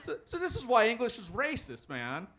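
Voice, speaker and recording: A man's voice: very high-pitched, huge pitch swings, normal speed, pushed and bright. A young man doing a stand-up comedy set, rambling with plenty of fillers and restarts. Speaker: stand-up comic.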